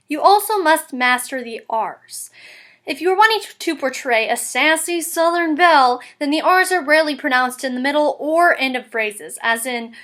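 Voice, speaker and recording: A woman's voice: high-pitched, lively intonation, measured pace, a bit bright. A woman hosting a scripted, tongue-in-cheek tutorial in a playful, upbeat way. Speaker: tutorial host.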